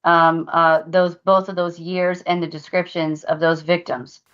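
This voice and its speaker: A woman with a low voice recounts psychic impressions to her co-hosts in an earnest, drawn-out way. Her casual podcast talk comes through as dull, lo-fi audio. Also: little pitch movement, a bit bright. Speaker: paranormal podcast co-host.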